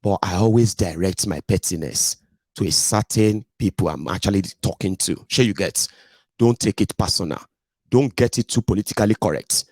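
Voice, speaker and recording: A man's voice: low voice, moderate pace, a little mellow, no room sound. A man with a Nigerian English accent hosting a political podcast in a loose, digressive rant, blunt and full of pidgin tag questions. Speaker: podcast host. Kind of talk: casual ranting monologue.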